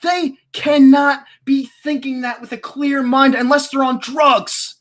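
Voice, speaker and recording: A woman in her twenties from the Philadelphia area, hosting a live stream and ranting about her team in a passionate, exasperated, yelling way. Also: sits high, fairly even intonation, measured pace. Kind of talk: heated live-stream sports rant.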